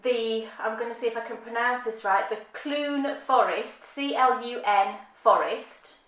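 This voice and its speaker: Slow-talking woman in an echoey room. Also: fairly high pitch, fairly bright tone. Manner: cheerful, teasing, laughs often. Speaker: podcast host running a quiz. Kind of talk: casual chat.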